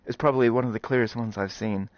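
A man hosting a gaming video, talking to his viewers in excited, animated commentary, quick to swear and exclaim. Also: mid-range voice, no room sound. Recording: slightly dull recording with game music.

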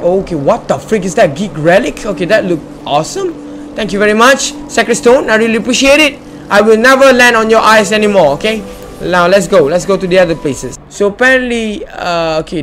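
A gamer and channel host with a high, fairly bright voice plays through a casual let's-play video, exploring while joking and talking back to the game. There's a little hiss or hum on the recording.

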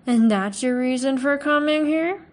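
A woman's voice: high voice, unhurried, voice pushed up. A woman reading aloud and voicing a small, suspicious male village butcher who talks in a scornful, sarcastic and snappish way.

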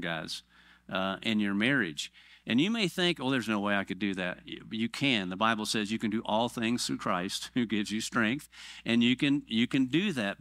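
A middle-aged man delivers a church sermon with a bright, ringing tone. The sound is dry and close to the mic. He keeps things playful, breaking into funny back-and-forth exchanges as he preaches. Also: medium pitch, no room sound. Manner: joking, animated storytelling with quick voiced asides. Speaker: pastor.

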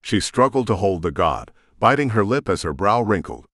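A man's voice: on the low side, big pitch swings, normal speed, fairly bright tone, dry recording, studio quality. A man narrating a first-person audiobook with tense, emotional storytelling.

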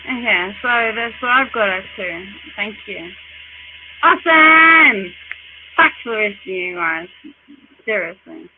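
A woman with a New Zealand accent, a chat room guest who talks loudly and swears while flustered. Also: mid-range voice, expressive, takes it slowly, slightly rough. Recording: tinny online chat-room audio.

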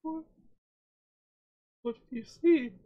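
A woman voicing a soft-hearted, tearful young male companion who pleads with a friend in a tabletop game. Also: sits high, takes it slowly, dry recording, narrow, tinny audio. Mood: pleading. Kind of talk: role-playing a character in a tabletop game.

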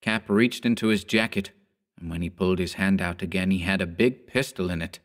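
A man narrating a horror story in a measured storytelling manner. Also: deep voice. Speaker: audiobook narrator.

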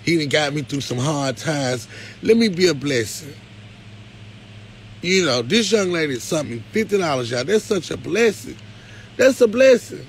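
A man hosting a live stream, talking casually, pleading one moment and loudly complaining the next. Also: fairly high pitch, normal speed, slight background noise. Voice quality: animated, swings from pleading to loud complaint. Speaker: live show host.

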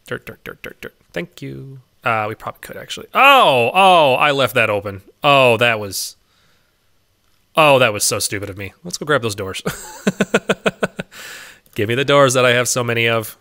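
A man's voice: medium pitch, expressive, moderate pace, pushed and bright. A man giving casual gameplay commentary as a let's play host, chatty and often laughing, coaxing game animals in a singsong voice.

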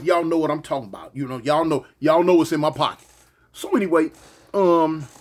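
A man casually telling a personal story to his viewers, animated and full of slang, often asking "you know what I'm saying". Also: high-pitched, breathy edge.

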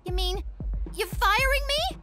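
A shrill spoiled teen daughter. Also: female voice, animated, measured pace, music in the background. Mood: whiny. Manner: whiny, melodramatic, mood flips. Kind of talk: adult cartoon voice acting.

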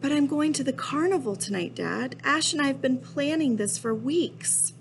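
A woman's voice: high-pitched, lively intonation, normal speed, gravelly, a little hiss or hum, pitched above the performer's own voice. A woman reading aloud voicing an upset schoolboy who protests and pleads with his father. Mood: pleading.

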